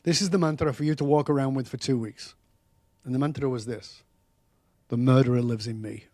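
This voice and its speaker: A man speaking as a podcast guest and author, telling stories in an animated, emphatic way that often gets loud. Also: medium pitch, brisk, dry recording, studio quality. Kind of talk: storytelling interview talk.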